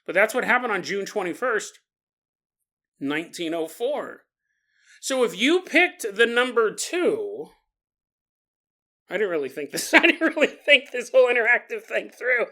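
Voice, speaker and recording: A man's voice: high-pitched, sing-song, measured pace, long pauses, sharp tone. A man hosting a podcast, telling stories in a joking way and laughing through his sentences. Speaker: podcast host. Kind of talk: comedic storytelling podcast.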